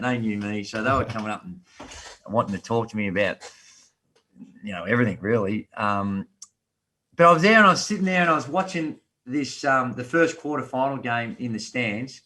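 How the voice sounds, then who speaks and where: An Australian man in his fifties, a podcast guest telling a long story in a relaxed, animated way with local slang. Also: medium pitch. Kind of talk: casual storytelling.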